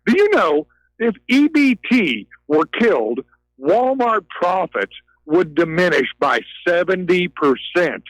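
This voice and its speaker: A man's voice: sits high, sing-song, slow pace, no room sound, low-quality recording. A man ranting heatedly on a talk radio call, repeating himself and swinging between outrage and despair. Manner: agitated, ranting, repeats words.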